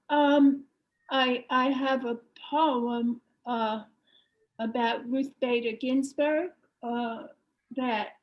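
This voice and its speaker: A woman speaks slowly and haltingly, circling back on herself with frequent fillers as she shares in a workshop. Her voice sits a little high. The audio is dull and lo-fi, like a video call. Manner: hesitant, many fillers and restarts. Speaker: workshop participant. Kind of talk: halting personal sharing.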